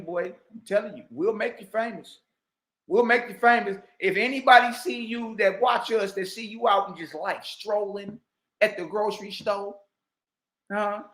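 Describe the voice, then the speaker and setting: A man giving heated, mocking reaction commentary, repeating himself and bursting into shouts. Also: high voice. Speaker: online commentator. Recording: roomy echo.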